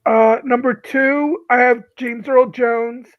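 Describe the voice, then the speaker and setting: A man on a casual panel chat, measured and thoughtful. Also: very high voice, fairly even intonation, muffled recording.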